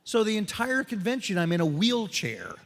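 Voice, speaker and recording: A man's voice: high voice, normal speed, vocal fry, faint music behind. A man telling jokey stories and taking audience questions at a convention panel, acting out the voices in his stories. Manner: animated, joking storyteller who acts out quoted voices. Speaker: voice actor convention panel guest. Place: convention panel room on a stage. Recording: reverberant hall.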